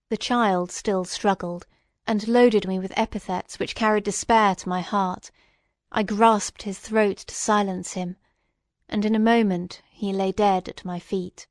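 Woman audiobook reader, measured and solemn, very dry close sound. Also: mid-range voice, steady tone, no room sound. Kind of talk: literary reading aloud.

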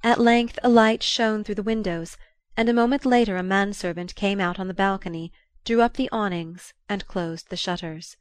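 A woman narrating a classic novel as an audiobook, in a measured, even, unhurried manner. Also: medium pitch, clear, resonant tone, no echo. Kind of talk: scripted literary narration.

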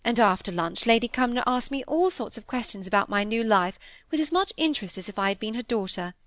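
A woman's voice: fairly high pitch, lively intonation, fairly quick, fairly bright tone, no room sound. Gushing, name-dropping genteel lady voiced by a woman reader, storybook, dry close sound. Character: chattering genteel middle-aged woman, pleased with herself.

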